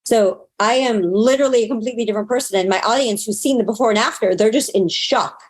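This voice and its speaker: Earnest, expressive woman telling her story. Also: fast. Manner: earnest and expressive, jumps much higher when excited. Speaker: guest. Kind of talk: emotional personal story in an interview.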